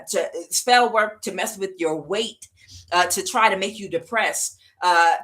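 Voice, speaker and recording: Bright-voiced woman reading tarot. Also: medium pitch. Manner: chatty, emphatic, frequent fillers. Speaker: tarot reader.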